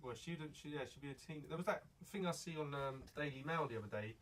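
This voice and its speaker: A young man, co-hosting a casual podcast with quick joking remarks. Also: a little high, a bit bright. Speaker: podcast co-host. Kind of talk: casual chat. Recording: distant mic with faint noise.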